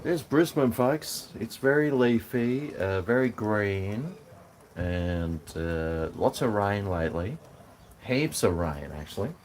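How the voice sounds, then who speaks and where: The Australian livestream host has a fairly low, darkish voice that is animated yet slow-paced. He chats casually from his house and balcony, rambling, joking and talking to his dog. Expect an echoey room and faint noise in the background.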